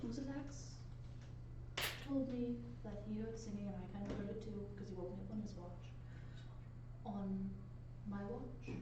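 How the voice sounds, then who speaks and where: A woman playing a tabletop game, loud and laughing often. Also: mid-range voice, steady tone, measured pace, pauses often, muffled recording. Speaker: player. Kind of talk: casual tabletop play. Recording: echoey room, distant mic, noisy.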